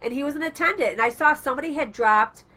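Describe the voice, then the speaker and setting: Her voice sits high and she talks fast. Hosting an online talk radio show, she keeps things casual and chatty, animating small stories by acting out the quotes.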